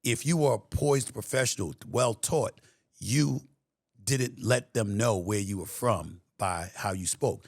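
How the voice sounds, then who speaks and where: A man's voice: lowish voice, measured pace, creaky, darkish tone, dry recording, studio quality. A middle-aged man with a New York accent, a guest talking in an emphatic, streetwise way in a casual interview. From New York City.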